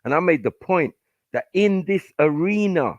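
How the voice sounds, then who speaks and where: A man's voice: a little high, expressive, moderate pace, no echo. A man hosting a live podcast panel, angrily berating callers with constant swearing. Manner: aggressive, profane, shouting down callers. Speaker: podcast host. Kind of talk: heated live panel argument. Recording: dull lo-fi stream audio.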